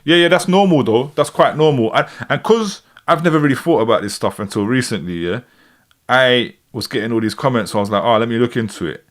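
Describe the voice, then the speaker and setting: A man's voice: mid-range voice, animated, brisk. A man in his forties with a London accent, chatting casually on a live stream and reading out viewer comments. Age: 40s. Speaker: streamer reacting to music.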